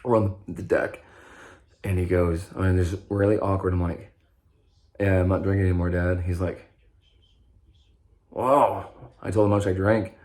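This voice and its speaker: Deep-voiced man rambling casually. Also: little pitch movement, brisk, a little mellow. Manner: rambling, self-interrupting, swears casually. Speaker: vlogger sharing his recovery story.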